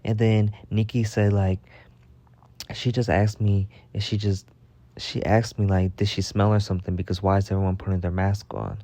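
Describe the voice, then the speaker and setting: Chatty gossiping man with a low, mellow voice. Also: flat delivery, moderate pace, no room sound. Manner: chatty, gossipy, acts out quotes with rising pitch. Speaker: storytelling vlogger. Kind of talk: casual storytime monologue.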